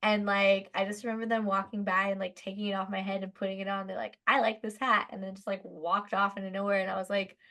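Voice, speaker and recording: A woman's voice: medium pitch, fast talker, creaky, few pauses. A woman from Southern California chats as a podcast guest. She tells long, rambling stories with lots of fillers. She laughs easily and slips into voices when she quotes people. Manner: chatty, animated, lots of "like", laughs while telling stories. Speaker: guest musician. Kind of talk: casual podcast storytelling.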